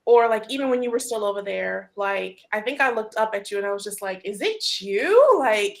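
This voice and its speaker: A woman hosting a casual group chat, telling a story in an animated way, full of fillers and laughter. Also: mid-range voice, fast, vocal fry. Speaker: host.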